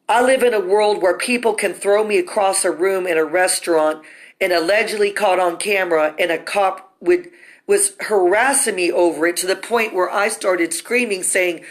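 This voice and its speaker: Urgent, rambling woman filming herself. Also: mid-range voice. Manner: urgent, distressed, talks in run-on asides. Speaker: vlogger recounting personal ordeal. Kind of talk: rambling emotional monologue to camera. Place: inside an empty construction building.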